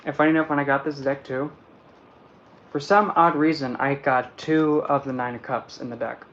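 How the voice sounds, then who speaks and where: A man's voice: medium pitch, fairly even intonation, moderate pace, fairly bright tone, lo-fi sound. A man chatting casually and playfully about tarot decks, rambling as he goes. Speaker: tarot deck reviewer. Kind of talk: casual chat.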